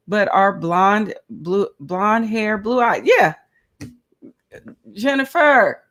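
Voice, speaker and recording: Chatty woman live-streaming, calling listeners honey. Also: medium pitch. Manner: animated, laughs often, calls listeners honey and child. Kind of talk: casual live chat.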